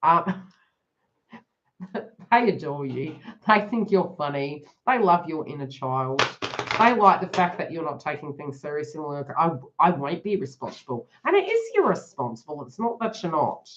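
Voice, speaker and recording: A woman's voice: deep voice, very animated, normal speed, a little hiss or hum. A woman reading cards on a live stream, chatting to viewers by name and laughing often. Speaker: tarot reader hosting a live stream. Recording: dull lo-fi live stream audio.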